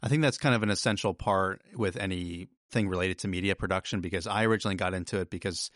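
A man with a very low voice hosts an interview, asking his questions in a relaxed and curious way. His voice is recorded dry and close. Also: quick pace, no room sound. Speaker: host. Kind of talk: casual interview chat.

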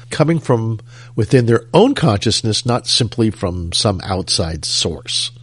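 A man's voice: fairly low pitch, no echo. A man hosting a show, chatting casually and introducing segments. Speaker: show host. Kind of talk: casual chat.

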